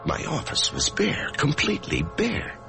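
An actor playing an anxious office worker who expects to die, narrating and speaking in a hesitant, stammering way in an old radio drama. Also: male voice, a little high, wildly swooping pitch, normal speed, vocal fry, music in the background, heavily acted. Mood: brooding. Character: anxious male office worker facing death. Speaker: narrator and lead character. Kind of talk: 1950s radio drama acting.

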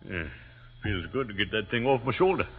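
A modest American army captain. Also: male voice, on the low side, animated, fairly quick, breathy edge. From United States. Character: polite American infantry captain, easygoing. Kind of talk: 1940s radio acting. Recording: dull old radio recording, faint hiss.

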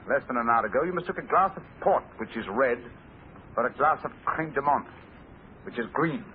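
An actor playing a clever, self-assured male detective in a 1940s radio drama, speaking crisply and deliberately. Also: medium pitch, animated, lightly acted. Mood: accusing. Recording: tinny old radio broadcast, faint hiss.

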